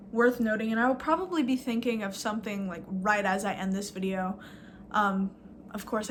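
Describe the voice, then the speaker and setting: A woman's voice: medium pitch, a bit bright, slight background noise. A woman vlogging a casual, rambling rant, sarcastic and full of fillers, swearing now and then.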